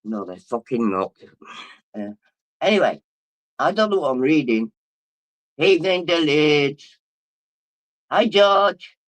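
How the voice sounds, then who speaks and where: A man's voice: a little high, very animated, slow pace, long pauses, no room sound. Drunk, rambling man. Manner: rambling, boisterous, sweary. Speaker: livestreamer. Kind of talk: casual livestream chat, reading comments.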